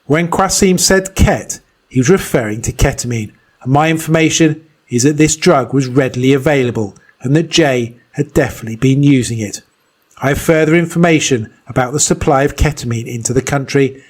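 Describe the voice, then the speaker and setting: Brief: male investigator narrating, mid-pitched, steady and serious. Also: fairly quick, slightly rough. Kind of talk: scripted narration.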